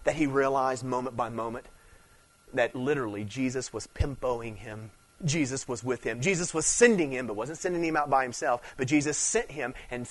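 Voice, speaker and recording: A man's voice: medium pitch, fairly bright tone. A traveling male preacher giving a conversational sermon, repeating and restarting phrases for emphasis and often checking in with "you understand.". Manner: conversational preaching, rising and falling in intensity, frequent "you understand".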